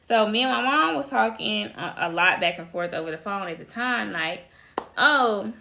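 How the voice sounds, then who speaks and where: A woman's voice: mid-range voice, lively intonation, moderate pace, creaky, bright, forceful tone, a little hiss or hum. A woman casually telling a personal story to her viewers, chatty and talking to them directly as y'all. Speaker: vlogger.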